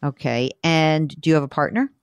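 Low-voiced joking woman host. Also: steady tone, smooth, dry recording, studio quality. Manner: joking, chatty, brisk. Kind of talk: call-in money show chat.

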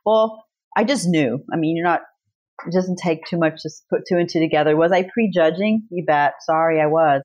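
A woman's voice: sits low, fairly quick, muffled recording. A middle-aged woman guest author chatting casually, telling stories with energy and swearing freely. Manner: animated storyteller, swears freely. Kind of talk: casual chat.

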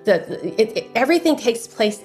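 A middle-aged woman from San Francisco, a guest author in an interview, telling a personal story with animated delivery and acting out other people's voices. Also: on the high side, moderate pace, soft background music. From San Francisco, USA. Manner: animated, acts out the voices of people in her stories.

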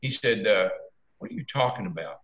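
Older male storyteller, folksy and animated, echoey room. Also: fairly low pitch, brisk, slight background noise. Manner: folksy, animated, acts out quotes. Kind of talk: casual storytelling.

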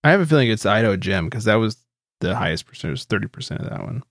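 A man's voice: fairly low pitch, expressive, fast, vocal fry, fairly bright tone, no room sound, clean studio sound. A man hosting a beer podcast in loose, joking casual chat, swearing freely. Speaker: podcast host.

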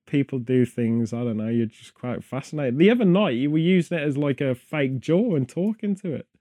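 A man's voice: medium pitch, expressive, fairly quick, dark tone, dry recording, clean studio sound. A British man hosting a podcast, rambling through casual chat full of wry, absurd jokes. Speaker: podcast host.

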